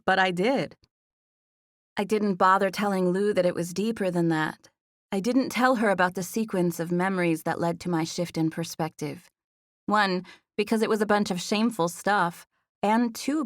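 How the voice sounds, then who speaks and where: A woman's voice: mid-range voice, normal speed, dry recording. A young woman narrating a first-person audiobook in a conversational manner. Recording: dry studio recording.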